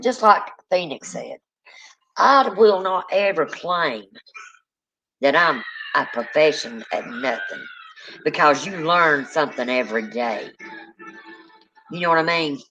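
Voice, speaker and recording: A woman, a paranormal investigator hosting a casual chat, telling lively stories, acting out quotes and swearing freely. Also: deep voice, unhurried, long pauses, slight background noise, poor audio. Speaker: paranormal investigator and channel host.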